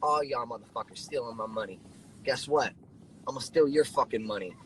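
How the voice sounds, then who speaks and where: A man's voice: mid-range voice, fairly quick, a little hiss or hum, rough recording. A man in his thirties, a singer, talking in a brash, profane and boastful way in casual chat.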